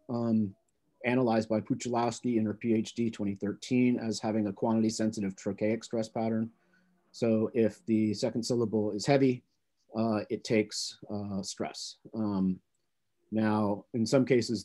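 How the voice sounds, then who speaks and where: Low, mellow-voiced man presenting research. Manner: measured, explanatory lecturing. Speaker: conference presenter. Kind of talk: academic conference talk.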